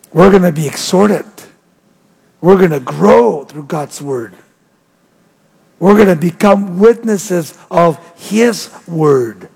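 High-voiced preaching man, husky, in a reverberant hall. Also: darkish tone. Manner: emphatic preaching with rising and falling delivery. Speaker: pastor. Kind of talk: sermon.

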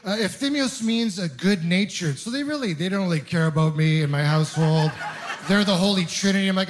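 A young man from Ontario doing a stand-up comedy set, telling stories deadpan with bursts of mock outrage. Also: sits high, a little fast, a crowd in the background. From Ontario, Canada. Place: comedy club stage with audience laughing.

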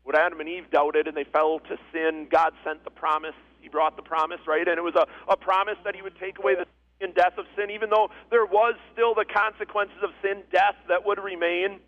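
A man's voice: high-pitched, little pitch movement, fairly quick, lo-fi sound. A man preaching a sermon as pastor, earnest and repeating phrases for emphasis.

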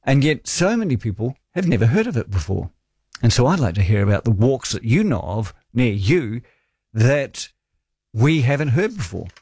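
A New Zealand man in his forties hosts talkback radio, talking in a relaxed, chatty way and spinning wry stories for his listeners. His voice sits at an ordinary middle pitch. It is recorded close and dry on a studio microphone, with no room sound. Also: moderate pace, breathy edge, no echo.

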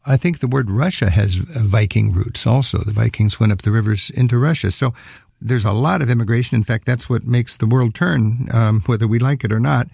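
A man's voice: medium pitch, a little fast, creaky, darkish tone, slightly rough, no echo, clean studio sound. A man hosting a radio travel interview, chatty and enthusiastic, with frequent fillers. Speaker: radio travel show host.

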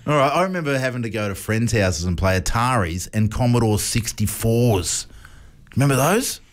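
A man's voice: medium pitch, lively intonation, normal speed. A man hosting a radio show, chatting casually, joking and laughing often.

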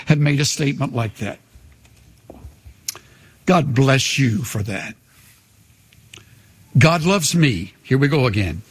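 A man's voice: a little high, breathy edge. An older male pastor preaching a sermon, leading the congregation in call-and-response with emphatic, repetitive phrasing in a large church. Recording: long hall reverb.

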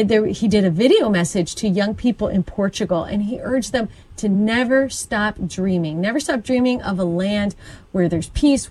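A woman co-hosting a conversational Catholic radio chat talks about church events in an upbeat, informative way, restarting now and then. Her mid-range voice has a darkish tone, and the recording quality is low.

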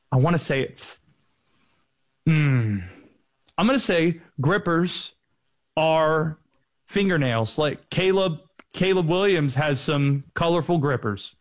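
A young adult man hosts a sports talk radio show with a fairly high-pitched voice. He banters in a relaxed, playful way, laughing easily as he quizzes his guests.

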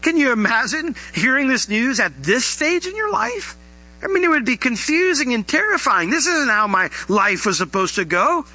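A middle-aged man preaching a sermon, animated and rising into emphatic questions to his listeners. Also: very high voice, normal speed, poor audio. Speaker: pastor.

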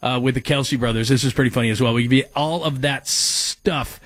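A man's voice: mid-range voice, a little fast, dry recording. A man hosting a sports talk radio show, chatting casually, rambling and breaking off mid-sentence as he reads out listener texts. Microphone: studio microphone.

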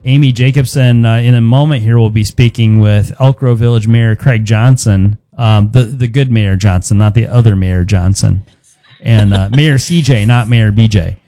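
A radio host rambles and jokes casually with his co-hosts on a talk show, chuckling between words. He has a warm, lowish voice at a normal speed, recorded dry.

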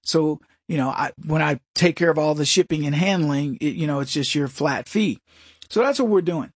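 A man hosts a talk radio show in a high voice, animated and sarcastic. His voice is close and dry, with no room sound. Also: normal speed, breathy edge, no room sound.

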